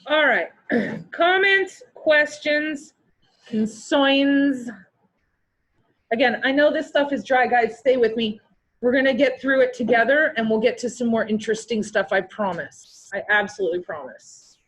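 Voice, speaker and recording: A woman's voice: on the high side, unhurried, fairly bright tone, low-quality recording. A woman with a Canadian accent, teaching a class in a chatty, joking and encouraging way. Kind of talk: online class lecture.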